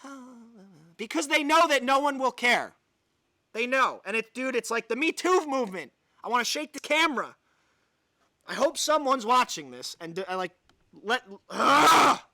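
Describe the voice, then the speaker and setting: Male livestream host, high and lively voice, sarcastic commentary, dry sound. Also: a little fast, dry recording. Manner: sarcastic, exasperated, sighs. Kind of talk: ranting live commentary, reading an article aloud.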